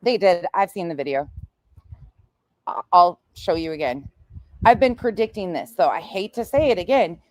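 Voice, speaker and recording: A woman's voice: on the low side, moderate pace, pauses often, dry recording, clean studio sound. A woman in her forties, a true crime streamer, telling stories in casual, blunt and profane livestream chat. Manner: blunt and profane, animated storytelling.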